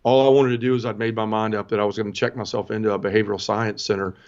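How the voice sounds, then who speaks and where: A man's voice: on the low side, level tone, racing, darkish tone, lo-fi sound. Earnest middle-aged man telling his story. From Southern United States. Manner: earnest, emotional storytelling with many restarts. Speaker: interview guest. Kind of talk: personal testimony storytelling.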